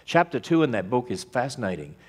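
A man's voice: mid-range voice, very animated, brisk, breathy edge. Man preaching to a crowd, emphatic, keeps firing rhetorical questions. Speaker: ministry speaker. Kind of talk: sermon-style talk.

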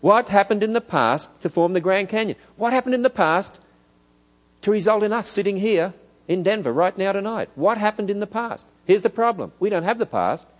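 A middle-aged man with an Australian accent, preaching in a church hall, lively and full of rhetorical questions. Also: high voice, normal speed, muffled recording. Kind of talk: church lecture.

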